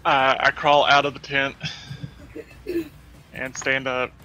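Player, man, slow flat delivery, faint music. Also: medium pitch. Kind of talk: casual tabletop play.

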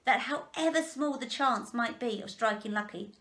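Gentle woman storyteller reading a children's chapter book. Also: on the high side, moderate pace.

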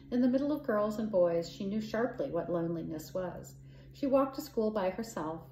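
A woman storyteller reading a children's novel aloud in a calm, measured way. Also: on the low side. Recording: echoey room.

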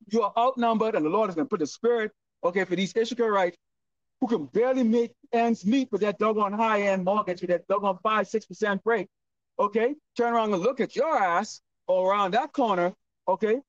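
A man preaching on the street in a loud, profane, scolding manner. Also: high voice, a little fast, no echo. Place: outdoors, windy street corner. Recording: distant lo-fi outdoor recording.

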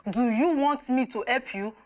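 A woman's voice: high voice, normal speed, a little mellow, close to an everyday voice. An actress playing an overbearing, preachy female visa officer who sermonizes applicants, with a Nigerian accent.

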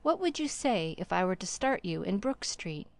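A woman voicing a brisk, bustling middle-aged gentleman who talks in an abrupt, blunt way, in a storybook reading. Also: medium pitch, very animated, dry recording. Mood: brusque.

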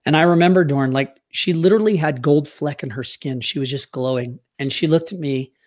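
A man's voice: on the high side, brisk, darkish tone. A middle-aged man from the United States telling a heartfelt personal story as a podcast guest, earnest and at times choked up. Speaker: youth hockey coach.

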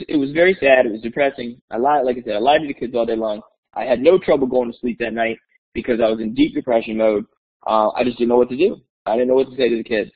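A male teacher telling a classroom story to other educators in a webinar, energetic and enthusiastic, acting out the voices in his story. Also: medium pitch, breathy edge. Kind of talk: animated storytelling presentation. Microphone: webinar call mic. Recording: tinny phone-like webinar audio.

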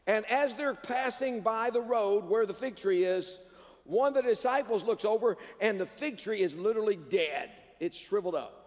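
A man's voice: high voice, normal speed. A male pastor preaching a sermon in a large church sanctuary. He preaches with animation and prompts the congregation to answer back. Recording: long reverb of a church hall.

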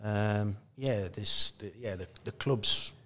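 Middle-aged Geordie man, low voice, easygoing anecdotal chat, restarts often. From Newcastle, England. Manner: relaxed storytelling, halting restarts, laughs through anecdotes. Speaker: podcast guest, former footballer. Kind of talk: casual interview chat.

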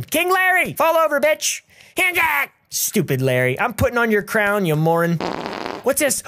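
A man giving crude, goofy commentary while playing a video game, breaking into yells and made-up song lines. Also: sits high. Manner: goofy, crude, yelling in bursts. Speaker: gaming YouTuber. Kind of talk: let's play commentary.

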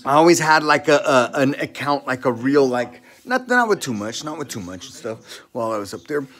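A man's voice: mid-range voice, animated, brisk, fairly bright tone. A man ranting in a casual monologue, profane and heated, rambling and tacking "dude" onto his sentences. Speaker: podcast talker.

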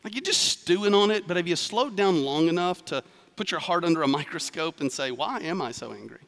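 A man preaching a sermon as pastor, in a conversational, animated way with asides. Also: high voice, a little fast, clean tone. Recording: reverberant hall.

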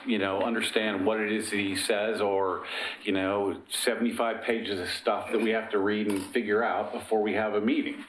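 Low voiced guy running a council meeting, blunt n impatient, echoey room. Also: flat delivery, normal speed, slight background noise. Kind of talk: public meeting discussion.

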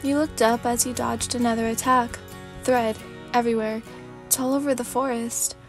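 A woman narrating a fanfic as a sleepy ASMR reading, in a calm, steady storybook manner. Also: fairly high pitch, moderate pace, faint music behind.

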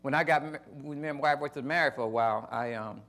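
An older man preaching a sermon, emphatic with sudden loud rises, telling stories in casual folksy phrasing. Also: medium pitch, fast. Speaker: pastor.

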